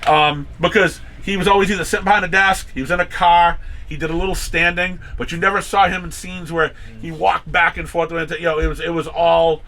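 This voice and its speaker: A man hosts a loose, casual podcast chat and tells long stories full of restarts and acted-out quotes. His voice is bright and forward and sits a little high for a man. A faint background hum runs under it. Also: level tone, a little fast. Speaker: comic shop owner and podcast host.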